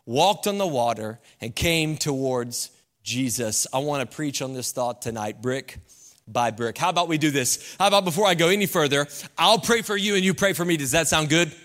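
A young man preaching a sermon as campus pastor, conversational and animated, climbing high and loud when he acts out asides. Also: moderate pace.

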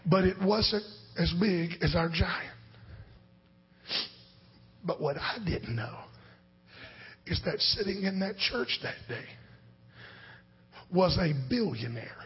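Husky preacher guy, kinda high voice, tells a story in a sermon, goes from yelling to whispering. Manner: swings from shouting to hushed whispers. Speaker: pastor. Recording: dull lo-fi sound.

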